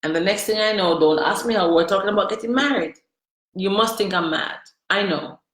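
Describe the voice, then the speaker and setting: A woman's voice: medium pitch, fairly quick, a bit bright. Woman confiding her story in a roomy space. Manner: emotional, confiding, addresses viewers directly. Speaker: vlogger. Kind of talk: candid personal storytelling. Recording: roomy echo.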